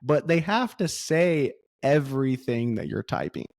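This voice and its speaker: Animated man telling stories, dry room. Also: mid-range voice, a little slow, creaky, no room sound. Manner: animated storyteller, acts out voices. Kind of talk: casual podcast chat.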